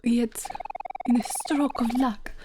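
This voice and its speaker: A woman's voice: extremely high pitch, little pitch movement, slow, noisy background. A woman voicing a pompous, lonely male alien artist from a game, in a theatrical put-on French-ish accent. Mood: dramatic. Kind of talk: reading game dialogue aloud. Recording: game music playing underneath. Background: game music.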